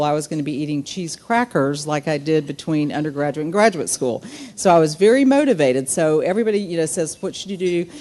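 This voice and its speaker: A Southern US woman in her fifties gives a keynote at a business luncheon, telling stories packed with fillers and asides. Her voice is deep with a darkish tone.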